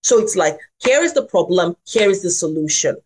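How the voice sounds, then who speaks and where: A woman who is a family doctor and parenting coach, speaking reflectively in a podcast and telling a personal story with pauses. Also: on the low side, animated.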